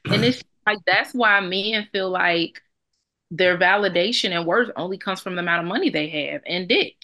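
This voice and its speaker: A woman's voice: fairly low pitch, normal speed, bright, forceful tone. A young adult woman co-hosting a podcast, talking bluntly and emphatically with plenty of profanity. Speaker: podcast co-host. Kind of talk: casual podcast chat.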